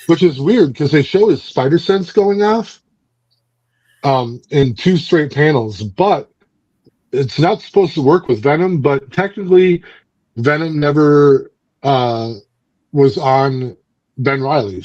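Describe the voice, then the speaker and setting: A man's voice: medium pitch, a little mellow, no room sound, dull audio. A man hosting a book club podcast, casually recapping and reviewing a comic in a rambling way, with many fillers and restarts.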